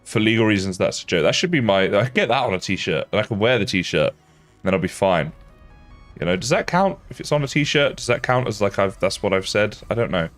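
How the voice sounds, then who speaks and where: A young man talks through a live game stream in a loose, rambling way, often laughing at his own jokes. His voice sits on the low side. Faint music plays under his desk-mic chatter. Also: lively intonation, brisk, fairly bright tone. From England. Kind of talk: casual live-stream chat while gaming.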